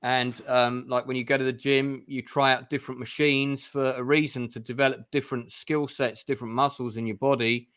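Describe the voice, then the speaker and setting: A man's voice: medium pitch, flat delivery, fairly quick, hardly any pauses, a bit bright, no echo, clean studio sound. A British man hosting an interview stream, chatty and encouraging as he puts questions to his guests. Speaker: host.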